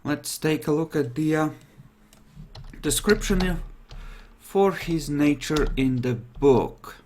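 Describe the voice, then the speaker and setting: A man running a tabletop role-playing game on a stream, relaxed and thinking aloud as he narrates and checks the rules. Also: a little high, slow pace, slight background noise. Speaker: game master.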